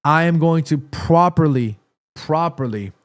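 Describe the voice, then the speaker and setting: A man's voice: on the high side, measured pace. A man from New York City hosting a casual livestream, talking eagerly and at length while tired and a little under the weather. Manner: talkative, excitable opinion talk. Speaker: livestream host.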